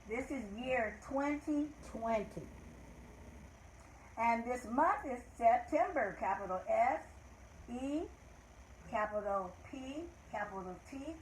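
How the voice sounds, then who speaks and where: An older woman hosting a children's learning show, leading a calendar lesson in slow, encouraging teacher talk with cheerful call-outs. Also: on the high side, echoey room, slight background noise, low-quality recording.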